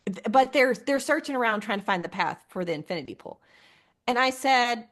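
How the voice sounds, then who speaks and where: A woman's voice: a little high, brisk. Laughing woman telling stories. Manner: animated storytelling, laughs often, acts out quotes. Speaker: podcast co-host. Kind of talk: casual chat.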